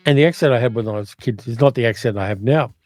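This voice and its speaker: A man's voice: medium pitch, very fast, a little mellow, no room sound, soft background music. An older man with an educated Australian accent, chatting casually as a livestream host while reading out viewer comments and musing on them. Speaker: movie channel host reading live chat.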